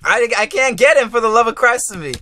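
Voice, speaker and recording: A man doing let's play commentary as a gaming YouTuber, excitable and swearing, yelling at the game and groaning when he fails. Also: very high voice, fast talker. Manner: groaning frustration at failures.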